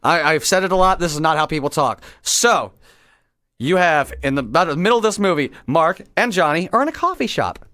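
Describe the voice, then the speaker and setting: A man with a high voice rants in exasperated disbelief during a casual podcast chat. The recording is dry and close. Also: animated, fairly quick, pushed and bright, dry recording. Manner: exasperated, incredulous ranting. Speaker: podcast co-host. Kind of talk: casual movie-review chat.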